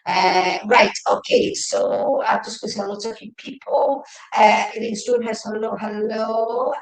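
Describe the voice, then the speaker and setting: A woman's voice: mid-range voice, fairly even intonation, a little slow, creaky. A woman giving a live-streamed psychic reading, chatty and repetitive, speaking to viewers by name. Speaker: psychic medium. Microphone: webcam or phone. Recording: echoey room.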